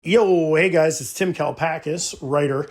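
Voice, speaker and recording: A man's voice: fairly high pitch, unhurried. Sheepish man telling a voice-note story. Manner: sheepish, self-mocking, laughs as he talks. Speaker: writer sending a voice note. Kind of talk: casual anecdote. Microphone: phone voice memo.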